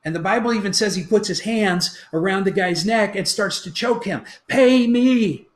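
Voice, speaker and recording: A man preaching a sermon as pastor, retelling a story with lively acted-out quotes. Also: sits high, fairly quick, reverberant. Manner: animated storytelling, acting out quoted lines.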